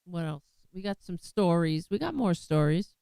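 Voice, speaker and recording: A woman's voice: fairly low pitch, animated, normal speed, vocal fry, mellow, smooth, dry recording. An American woman hosting a political commentary vlog, talking in a sarcastic, mocking and rambling way. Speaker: host.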